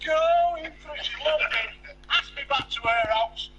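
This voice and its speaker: A man's voice: extremely high pitch, slow, sharp tone, dull audio, soft background music. A man telling crude one-liner jokes, stand-up style.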